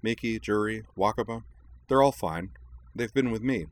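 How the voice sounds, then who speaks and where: A man's voice: fairly low pitch, moderate pace, voice pushed up, close to an everyday voice. A man voicing a tough young swordswoman, speaking plainly and bluntly in a slightly raised voice. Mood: subdued.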